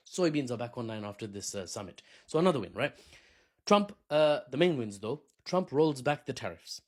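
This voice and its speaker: A man hosting a casual solo news commentary, jokey and chatty, who wanders into asides. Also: on the high side. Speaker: commentary host.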